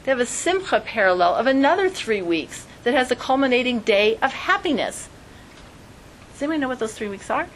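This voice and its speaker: A woman teaching an informal Torah class, lively, acting out quoted voices in a sudden high pitch. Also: a little fast, slight background noise, rough recording.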